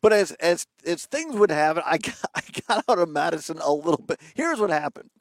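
A man's voice: a little high, sing-song, brisk, no echo. A man hosting a live radio talk show from outdoors, chatty and rambling. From Wisconsin. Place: outdoors on a riverbank.

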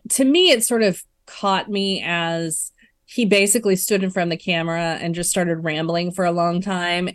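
A woman with a lowish voice co-hosts a political talk chat, emphatic and indignant, leaning on fillers as she thinks aloud. Her voice is close and dry. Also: no echo. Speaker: podcast co-host.

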